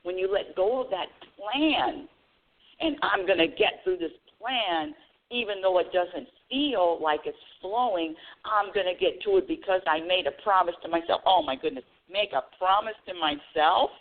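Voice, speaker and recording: Lively woman hosting a spiritual talk show, swoopy voice, sounds like a phone line. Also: normal speed. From United States. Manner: animated storytelling with bursts of high excited squeals. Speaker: radio show host. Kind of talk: casual spiritual talk monologue. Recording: tinny phone-line audio.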